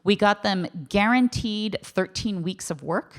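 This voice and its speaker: A woman speaking on a panel for a writers union, casual and wry, with quick asides and self-corrections. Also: mid-range voice. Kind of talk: panel discussion. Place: festival talk stage.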